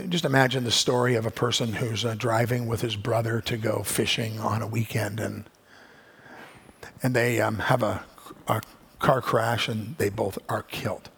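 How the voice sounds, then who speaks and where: Gravelly, husky-voiced male preacher. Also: mid-range voice. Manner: preaching with rising, emphatic swells and acted-out listener voices. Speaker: pastor. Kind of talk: sermon.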